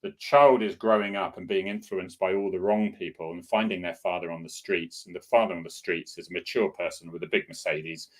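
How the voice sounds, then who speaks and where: A man's voice: sits low, fairly even intonation, fairly quick, hardly any pauses. A middle-aged man, a former police officer, hosting a casual solo chat in a rambling, opinionated way. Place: home in Cornwall.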